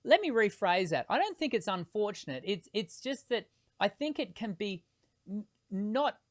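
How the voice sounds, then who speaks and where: A man hosting a live singing Q&A as a voice teacher, explaining technique patiently and pausing to demonstrate tones, with frequent hesitations between points. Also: high voice, big pitch swings, no echo, studio quality. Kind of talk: live-streamed Q&A.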